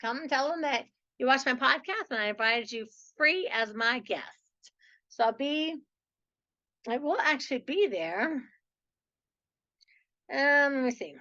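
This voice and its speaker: A woman's voice: high-pitched, animated, measured pace, long pauses, bright, forceful tone, highs cut off. A woman hosting her own podcast, talking in a chatty, enthusiastic way that is full of "like" and "so". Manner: chatty, enthusiastic, says "like" and "so" often. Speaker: podcast host. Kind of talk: upbeat podcast monologue.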